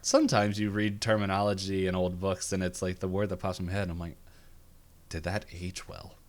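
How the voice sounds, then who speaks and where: Male co-host, lowish voice, chatty and giggly, does funny voices for quotes. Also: little pitch movement, fast. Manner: chatty, laughs often, acts out quotes in silly voices. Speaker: podcast co-host. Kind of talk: casual chat recapping a cartoon episode. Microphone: video call or webcam setup.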